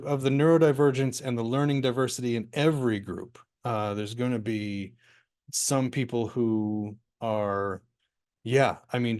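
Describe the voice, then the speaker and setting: Relaxed male workshop facilitator, dry sound. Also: medium pitch, dry recording. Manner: relaxed, rambling, many fillers and restarts. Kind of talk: answering questions in a live online workshop. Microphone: video call.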